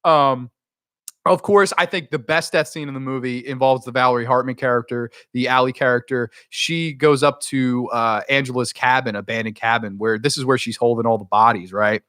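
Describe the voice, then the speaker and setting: A man giving a casual, excitable review of a horror film, with profanity and rambling asides. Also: mid-range voice, normal speed, dry recording, studio quality.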